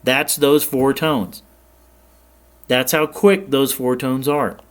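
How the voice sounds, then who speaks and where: A man hosting a radio programming tutorial, explaining settings in a plain, relaxed way and checking in with the viewer now and then. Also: mid-range voice, slow pace, background noise. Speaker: ham radio tutorial host. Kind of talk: casual screen-share tutorial.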